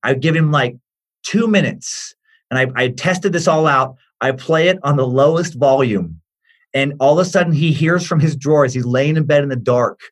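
A man in his forties, a comedian guest, telling an animated comic story, excitable and swearing freely. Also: fairly high pitch, moderate pace.

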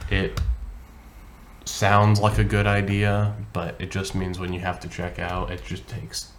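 A young man with a fairly low voice co-hosts a casual podcast. He tells everyday stories in a laid-back way and chuckles along the way. A faint hiss sits under the recording. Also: monotone, unhurried. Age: young adult. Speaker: podcast co-host. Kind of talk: casual chat.

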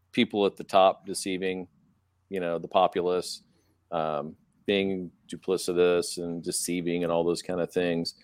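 Low-voiced man hosting an album chat. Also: no room sound. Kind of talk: casual chat.

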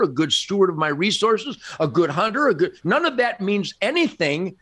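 A man's voice: high voice, fairly bright tone. An older man, a podcast guest, telling stories in an emphatic, boastful way and laughing often. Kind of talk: animated storytelling in conversation.

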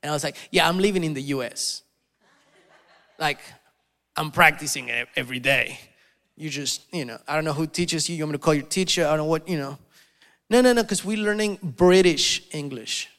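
A man preaching a sermon as pastor, animated and telling stories, often acting out the voices of people he quotes. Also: on the high side, a little fast. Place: church hall. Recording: long reverb of a hall.

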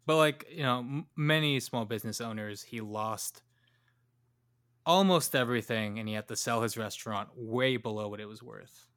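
In a casual storytelling chat, a joking young man co-hosting a podcast spins a loose tale full of fillers and laughs. His mid-range voice is a bit bright and smooth, moving at a moderate pace.

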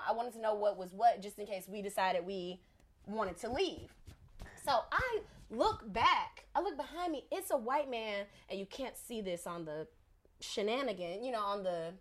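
A woman with a mid-range voice, speaking at normal speed, tells a story on a casual podcast. She's animated and acts out the voices of the people in it.

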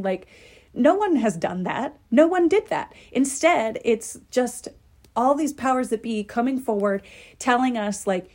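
A young adult woman hosts a podcast in an animated, unhurried voice that is a little high and a little mellow. Her casual, opinionated monologue is chatty and emphatic, heavy with "like."

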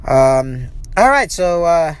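A man's voice: a little high, very animated, slow, smooth. A man hosting his own podcast, telling a story in a casual, profane rant that runs heated, with frequent restarts. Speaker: podcast host. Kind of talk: casual ranting monologue. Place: inside a vehicle.

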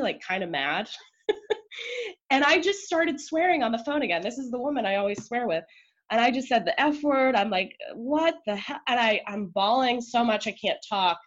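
A woman guest on a podcast, telling a personal story in an emotional, chatty way full of "like" and quick asides. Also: on the high side, fairly bright tone, highs cut off.

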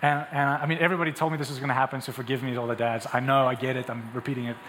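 A man's voice: mid-range voice, level tone, very fast, a bit bright, in a large hall, a little hiss or hum. A young man preaching a sermon as a pastor, conversational and then building to emphatic peaks.

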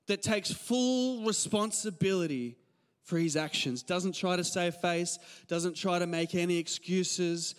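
A male pastor in his thirties with an Australian accent, giving a casual, animated sermon full of stories and laughs. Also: high-pitched, measured pace, clean tone, big-room sound. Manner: conversational, animated storytelling with laughs. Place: church hall.

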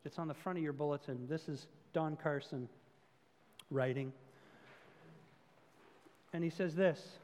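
A man's voice: on the high side, measured pace, long pauses, darkish tone, long reverb tail. A man preaching a sermon as pastor, telling stories earnestly with self-deprecating asides.

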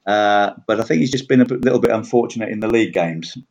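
A man with a fairly low voice rambles through a casual chat, self-deprecating and full of fillers. The audio is dull and lo-fi. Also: quick pace, darkish tone. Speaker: league player reviewing standings.

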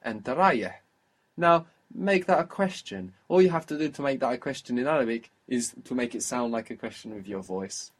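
Guy teaching a language lesson, patient, keeps prompting and saying very good, middle pitch. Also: lively intonation, a little fast, husky. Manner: patient, prompting and praising the learner. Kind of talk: guided spoken language lesson.

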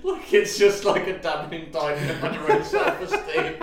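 A man's voice: high-pitched, wildly swooping pitch, normal speed, creaky, reverberant, crowd noise. A man, co-hosting a casual, jokey, sweary chat and laughing often. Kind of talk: casual banter.

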